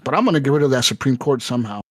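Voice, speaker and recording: A man's voice: mid-range voice, expressive, rapid-fire, no room sound, studio quality. A man co-hosting a casual gaming podcast, telling a rambling, profane story with lots of fillers and acted-out quotes. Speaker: podcast co-host.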